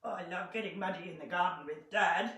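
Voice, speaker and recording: A woman's voice: on the low side, brisk, fairly bright tone, far from the mic, pitched below the performer's own voice, close to an everyday voice. A woman voicing a shy, playful young moose puppet who teases with wrong answers, in an echoey garage. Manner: timid and cheeky, teasing with wrong answers. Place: home garage.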